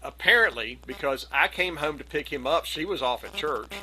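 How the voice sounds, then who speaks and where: Over a low-quality video call with a slight hiss or hum, a middle-aged man at a community gathering tells a rambling, casual anecdote at a moderate pace. His bright, forward voice sits a bit high for a man, and he animatedly acts out other people's voices.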